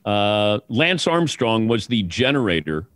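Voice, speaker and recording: A man, a sportscaster, telling anecdotes in an interview in a relaxed way. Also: lowish voice, measured pace, no echo, studio quality. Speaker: guest, sportscaster.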